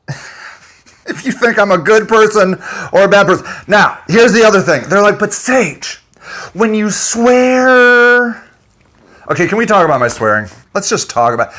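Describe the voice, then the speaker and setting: A man's voice: high-pitched, a bit bright. A man delivering an angry, profane, unscripted rant to his audience, breaking into laughter between points. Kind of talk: unscripted ranting monologue.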